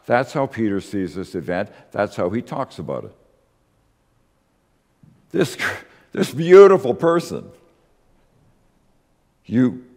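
Male pastor, sermon delivery, animated intonation, emphatic and questioning. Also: medium pitch, long reverb tail. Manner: emphatic, with rhetorical questions and slow stressed words.

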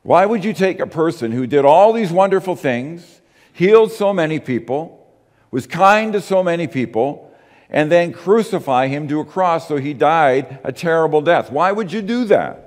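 Male pastor, sermon delivery, animated intonation, emphatic and questioning. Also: a little high, in a large hall. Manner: emphatic, with rhetorical questions and slow stressed words.

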